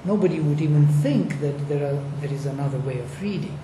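Emphatic speaker explaining old chanting traditions, keeps asking the room "yes?", dark mellow voice, echoey room w faint hiss. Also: mid-range voice, lively intonation, a little fast. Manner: emphatic, asks rhetorical questions. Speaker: lecturer on Vedic recitation. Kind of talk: panel discussion explaining.

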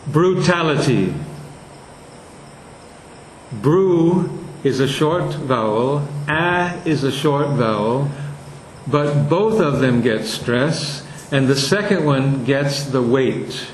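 A man teaching a lesson on verse meter, slowly sounding out and repeating words to show where the stress falls. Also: mid-range voice, lively intonation, roomy sound, slight background noise, rough recording.

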